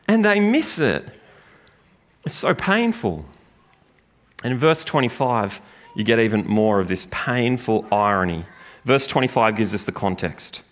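A man preaching a sermon in a church, lively and joking with the congregation. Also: medium pitch, a little slow. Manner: lively, animated preaching with jokes. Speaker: pastor. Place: church gathering room.

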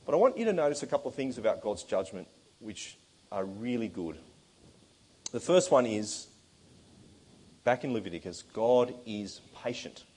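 A man with a husky, breathy voice delivers a sermon. He speaks in an earnest, emphatic way at a middle pitch for a man and slows down to press home the words he stresses. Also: big pitch swings, darkish tone. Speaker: preacher.

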